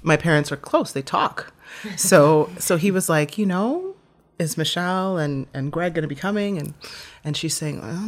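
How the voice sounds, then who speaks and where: Low-voiced woman telling a heartfelt story. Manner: heartfelt, vivid, with many restarts. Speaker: guest. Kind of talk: personal storytelling.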